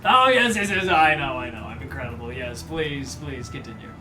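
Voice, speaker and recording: A man's voice: medium pitch, animated, moderate pace, noisy background, lightly acted. A man voicing a smug, pompous archduke who grandly announces and preens over praise. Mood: preening. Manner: self-satisfied, grandiose announcing.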